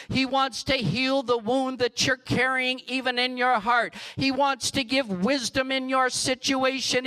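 A man preaching a sermon in a slow, earnest way, sometimes dropping to a soft hush for emphasis. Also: very high voice, smooth, rough recording.

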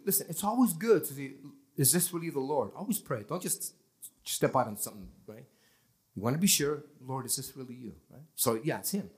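A male pastor preaching a lively sermon in a church, acting out scenes and quoting scripture. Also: medium pitch, fairly quick. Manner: animated preaching, acting out people straining to believe.

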